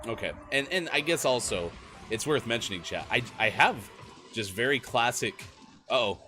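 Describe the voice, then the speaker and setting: A man's voice: mid-range voice, moderate pace, soft background music. A man co-hosting a gaming morning show, talking casually and energetically to the stream chat while getting over a cold. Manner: chatty, energetic, talks to chat directly. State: recovering from a cold, voice a bit worn.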